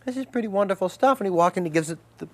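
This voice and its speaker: Speaking at a racing pace, a guest actor spins animated anecdotes and performs the people in them using loud, high voices.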